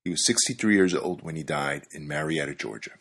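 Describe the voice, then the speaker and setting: A man's voice: very deep voice, brisk, a bit bright, breathy edge. A man hosting a podcast, reading scripted narration with wry, dry-humored storytelling. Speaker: podcast host.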